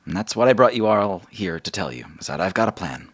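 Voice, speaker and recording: Earnest, pleading woman guild chief in a tabletop game; man doing the voice, lifted higher than his own. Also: very animated, fast talker. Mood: urgent.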